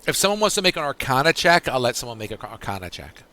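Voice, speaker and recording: A man running a tabletop game as game master, pausing often as he works out rulings for the players. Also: medium pitch, big pitch swings, pushed and bright. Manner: halting, full of fillers and restarts while deciding rulings.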